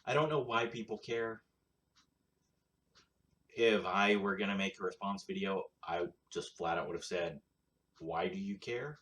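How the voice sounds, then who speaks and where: Guy rambling slow and blunt on his own show, kinda low voice, crude and sarcastic. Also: fairly even intonation, fairly bright tone. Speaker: show host. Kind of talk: casual solo commentary.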